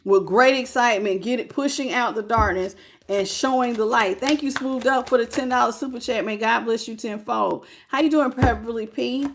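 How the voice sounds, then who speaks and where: A woman's voice: fairly high pitch, normal speed, slight background noise. A woman hosting a live tarot reading, preaching about God and greeting viewers by name.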